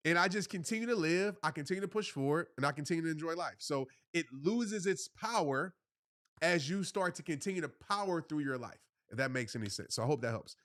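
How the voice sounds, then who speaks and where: Man, thirties, motivational speaker, live stream, earnest, repetitive, slightly high voice, dry sound. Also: animated, fairly quick, a bit bright, dry recording. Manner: earnest, repetitive, addresses viewers as y'all. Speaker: motivational speaker answering live chat questions. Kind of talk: casual live-stream talk.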